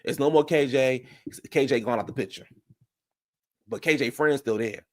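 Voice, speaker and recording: A man with a mid-range voice, speaking at a moderate pace, hosts a reality-show recap channel and tells his viewers a story in a casual, animated, chatty way, calling them "y'all" and "baby." The recording is clean studio sound with no room sound.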